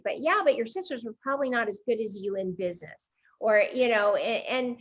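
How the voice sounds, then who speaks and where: A woman's voice: a little high, brisk, few pauses. A woman in her sixties hosting a casual interview, candid and a little rambling. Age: 60s. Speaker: show host. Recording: somewhat dull, lo-fi sound.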